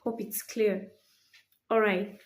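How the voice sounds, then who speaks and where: A woman teaching English punctuation, explaining slowly and repeating key phrases for emphasis. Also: mid-range voice, little pitch movement.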